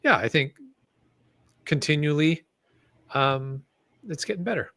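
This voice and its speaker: Man, podcast co-host, easygoing, filler-heavy chat, bright tone, dry close mic. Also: fairly high pitch, measured pace, vocal fry, no echo. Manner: easygoing, filler-heavy, reads listener comments aloud. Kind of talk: casual chat.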